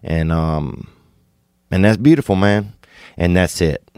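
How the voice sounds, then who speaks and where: Deep-voiced man rambling comedic monologue. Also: takes it slowly, clear, resonant tone, no room sound, studio quality. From Louisiana. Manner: rambling, digressive, jumps to sudden high excited bursts.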